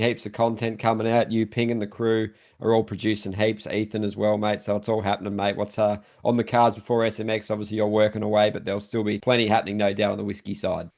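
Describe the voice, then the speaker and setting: Gravelly low man, flat delivery. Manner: friendly, calls the guest mate again and again. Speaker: podcast host. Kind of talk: casual podcast chat.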